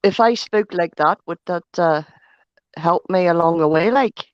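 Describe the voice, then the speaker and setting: A woman's voice: on the low side, a little slow, no echo. A woman joining a livestream chat remotely, making dry, wry remarks with some swearing. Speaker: panel guest. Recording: dull dry call audio.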